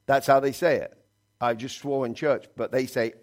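A man preaching a conversational sermon as pastor in church, swinging between loud emphasis and quiet asides. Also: medium pitch, moderate pace. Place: church sanctuary.

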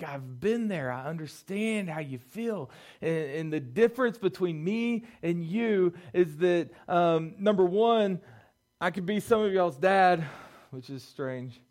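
A man's voice: high voice, a little mellow. A middle-aged man preaching to young people as a youth pastor, talking casually and building to fervent urging, often saying "man" and "listen.". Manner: conversational, rising to fervent urging; peppers speech with "man" and "listen". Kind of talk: sermon.

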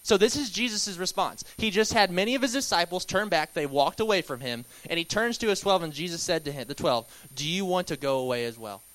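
Young male church teacher, raised pitch, casual conversational delivery in a church hall. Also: expressive, fairly quick, few pauses, a bit bright. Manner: conversational, with filler words and light laughs.

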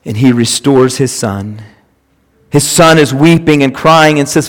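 A man's voice: mid-range voice, a little slow. A male pastor delivering an emphatic sermon, repeating phrases for stress. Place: church sanctuary. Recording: long reverb of a church hall.

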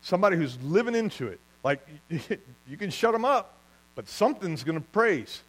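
Male pastor, sermon, slightly high voice, lively storytelling, humming mains noise. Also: normal speed, rough recording. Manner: animated storytelling, laughs at his own jokes.

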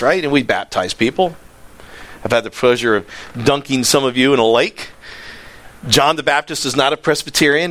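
A man preaching a sermon, excitable, swinging from near-yelling down to low, quiet stretches. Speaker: pastor.

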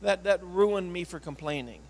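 A man, a pastor, telling a personal story in an earnest, emotional sermon style, often halting and repeating words. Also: sits high, a little mellow, low-quality recording.

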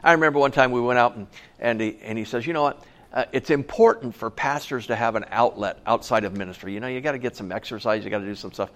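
A man's voice: mid-range voice, quick pace, fairly bright tone. A middle-aged man, a pastor, preaching a conversational sermon, telling personal stories and asking the audience questions.

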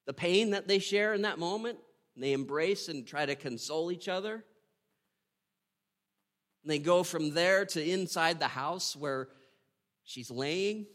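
A man giving a devotional Bible teaching. He reads scripture aloud and reflects on it with emotion and slow emphasis. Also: fairly high pitch, a bit bright. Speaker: preacher.

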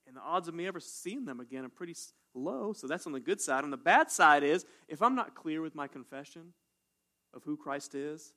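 A man preaching a sermon as pastor, animated and conversational, often asking "right?". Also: a little high, brisk. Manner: animated, call-and-response, says "right?" often.

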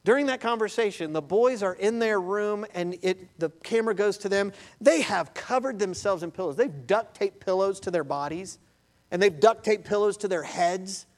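Male pastor with a high, lively sermon delivery and a storyteller's energy. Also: moderate pace. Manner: animated storytelling, addresses listeners as beloved.

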